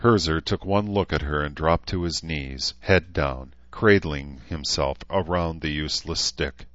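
A man narrating a novel as an audiobook in an even, measured reading. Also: very deep voice, dry recording, lo-fi sound. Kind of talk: scripted narration.

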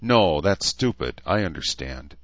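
A man's voice: sits low, very animated, a little slow, a bit bright, no echo, dull audio, heavily acted. A man voicing a weak, injured young man who is stubborn and querulous. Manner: querulous, irritable.

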